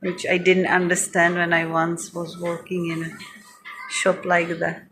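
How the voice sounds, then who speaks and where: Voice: mid-range voice, monotone, measured pace, a bit bright, faint music behind. A co-host in a casual chat, mostly giving short agreeing replies.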